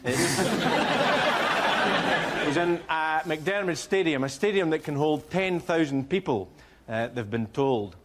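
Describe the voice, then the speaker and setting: A man's voice: a little high, animated, measured pace, long pauses. A Scottish man doing a stand-up routine in a TV studio, telling a story dryly. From Scotland. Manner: dry storytelling, builds to a shouted punchline. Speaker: comedian. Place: TV studio with a live audience. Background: audience laughter.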